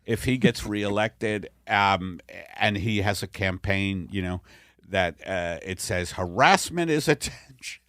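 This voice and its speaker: Rambling middle-aged man, low voice, dry sound. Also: flat delivery, slow pace, a bit bright, no echo. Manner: rambling, self-deprecating, swears freely. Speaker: podcast host. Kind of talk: casual comedy podcast chat.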